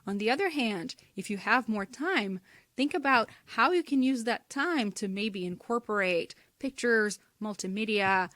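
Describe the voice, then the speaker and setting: A woman giving an instructional talk on speaking skills in a clear, measured way, sometimes demonstrating intonation. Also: on the high side, expressive, fairly bright tone, no echo, clean studio sound. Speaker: teacher.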